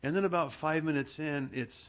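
A middle-aged male pastor from Southern California, preaching a sermon in an animated storytelling manner, laughing as he tells it. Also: fairly high pitch, brisk. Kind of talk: sermon with personal anecdote.

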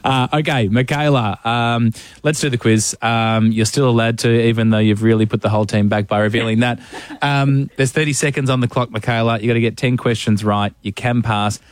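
An Australian man hosting a radio show, teasing his co-host in quick banter and running a phone quiz. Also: medium pitch, steady tone, no echo. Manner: teasing, quick-fire and playful.

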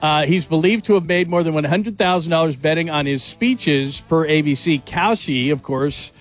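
A man hosting a sports talk radio show, energetic and rambling. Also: fairly high pitch, moderate pace, soft background music.

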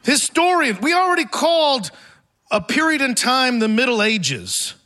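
A man's voice: extremely high pitch, big pitch swings, unhurried, pushed and bright. A man in his forties performing a rambling, self-mocking stand-up set on a theater stage, often laughing through his lines. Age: 40s. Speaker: stand-up comedian. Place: theater stage before a live audience.

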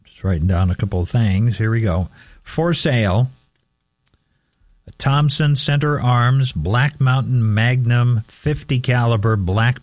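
A man's voice: lowish voice, darkish tone, no echo. A man hosting a casual radio swap shop, reading listings and repeating phone numbers carefully.

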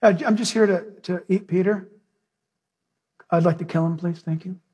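A man's voice: sits high, steady tone, moderate pace, a little mellow, breathy edge, voice pushed down. A man voicing a mock-polite devil who makes a casual, hesitant request in a sermon. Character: sneering spiritual villain, mock-polite devil.

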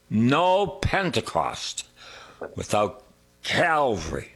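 Slow, husky male preacher. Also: fairly low pitch, sing-song. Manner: slow, drawn-out preaching with sung lines and hushed whispers. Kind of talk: sermon.

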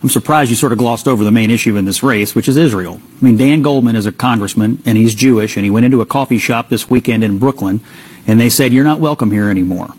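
A man's voice: medium pitch, fast talker. A man giving argumentative commentary on a cable news panel. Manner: forceful, argumentative. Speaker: political commentator.

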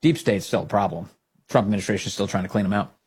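A man with a husky, slightly rough voice hosts a commentary show. He talks in a loose, casual way and leans into sarcasm and mock disbelief, often slipping into rhetorical questions. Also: on the low side, quick pace, a little mellow. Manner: sarcastic, incredulous. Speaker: political commentary host.

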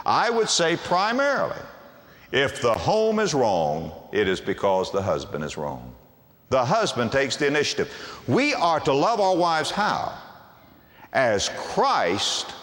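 A man's voice: mid-range voice, wildly swooping pitch, takes it slowly, a bit bright. A man preaching a sermon as pastor, asking the congregation rhetorical questions. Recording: long reverb of a large hall.

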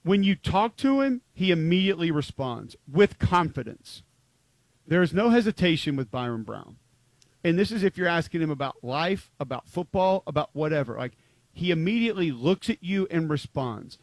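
A man's voice: fairly high pitch, very animated, normal speed, no echo. A man co-hosting a football talk show, chatting casually and emphatically with lots of filler words. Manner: rambling, frequent "like" fillers, emphatic. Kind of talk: casual sports chat.

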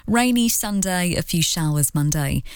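A woman reading a scripted news and weather bulletin on the radio in a brisk, even delivery. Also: lowish voice, clean tone, no echo, clean studio sound. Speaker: radio newsreader. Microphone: studio microphone.

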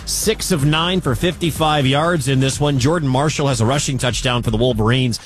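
A man's voice: mid-range voice, faint music behind. A man with a Midwestern accent hosting a sports talk radio show in a chatty, conversational way. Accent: Midwestern American. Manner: chatty, conversational, quick asides.

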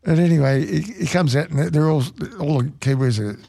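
Gravelly man rambling through stories. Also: fairly high pitch, mellow. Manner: rambling, halting, many restarts. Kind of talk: casual anecdotal chat.

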